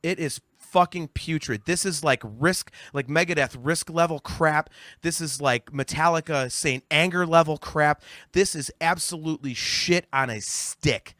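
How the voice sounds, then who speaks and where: A man's voice: on the high side, unhurried, hardly any pauses, pushed and bright, dry recording, clean studio sound. A man in his forties, a podcast guest in casual discussion, ranting heatedly and profanely with many stammered restarts. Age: 40s.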